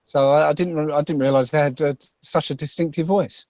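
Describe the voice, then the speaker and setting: A man with a Basildon accent telling a story as a podcast guest, halting and self-deprecating. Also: fairly high pitch, fairly even intonation, darkish tone, dry recording, muffled recording. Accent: Basildon, Essex. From England. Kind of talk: casual chat.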